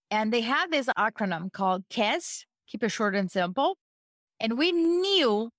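A woman with a fairly high voice hosts a podcast, chatting casually with quick anecdotal asides. The sound is dry and close to the mic. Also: a bit bright, dry recording. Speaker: podcast host. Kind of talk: casual interview chat.

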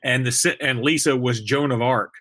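A man's voice: medium pitch, normal speed, fairly bright tone. A young man hosting a casual sports podcast, chatting in a rambling, jokey way full of fillers. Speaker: podcast host.

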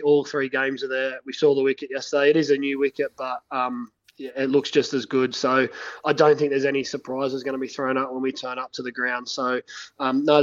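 A man who is a cricket head coach, being interviewed and speaking in a halting way, full of fillers and restarts. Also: mid-range voice. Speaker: head coach of a national women's cricket team. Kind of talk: phone interview. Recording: dull lo-fi phone line.

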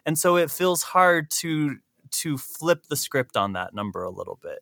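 A man hosting a casual podcast chat, animated and quick to laugh. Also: on the high side, creaky, no room sound, clean studio sound. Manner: animated, laughs often, chatty storytelling. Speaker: podcast host.

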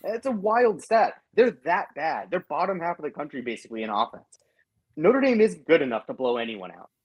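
A man's voice: a little high, sing-song, fairly quick, muffled recording. A man co-hosting a casual sports betting chat, quoting stats emphatically. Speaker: sports podcast co-host.

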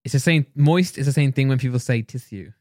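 A man co-hosting a podcast, telling stories in a loose, rambling way and laughing often. He sits at a middle pitch and now and then slips into silly voices. He is recorded close and dry, with no room echo. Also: quick pace, a little mellow. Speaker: podcast co-host. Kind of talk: casual chat.

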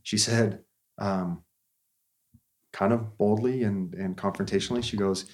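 A man's voice: fairly low pitch, fairly even intonation, unhurried, long pauses, a little mellow. A therapist, a man in his thirties, telling a story in an earnest, conversational way with frequent restarts.

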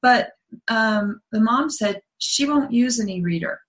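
A woman's voice: fairly high pitch, animated, unhurried, a bit bright. A middle-aged woman, a guest author, talking earnestly in a casual interview with many restarts. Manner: earnest, explains at length, trailing restarts.

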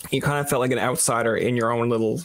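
A man's voice: medium pitch, fairly even intonation, fast talker. A young man from Newfoundland hosting a podcast, chatting casually and acting out the conversations he retells. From Newfoundland, Canada. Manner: storytelling, acts out quoted exchanges. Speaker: podcast host.

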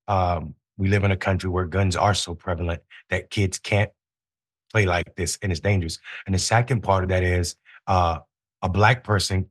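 A man serving as guest co-host, a town mayor, giving earnest, measured commentary with some hesitant fillers. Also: deep voice, slightly rough. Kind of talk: reflective commentary.

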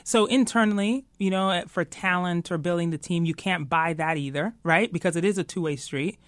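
Lively woman guest, lower voice. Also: a little fast, no room sound. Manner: animated, frequent "you know", laughs easily. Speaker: guest, tech executive. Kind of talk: casual interview chat.

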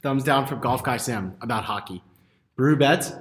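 A man's voice: mid-range voice, moderate pace, echoey room. A man hosting a betting podcast, moving the segments along with wry asides. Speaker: podcast host.

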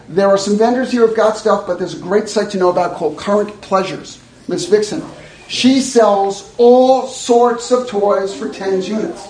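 In an echoey room, a male educator runs a live workshop, speaking to his audience with blunt, conversational jokes. His voice is high but has a darkish tone.

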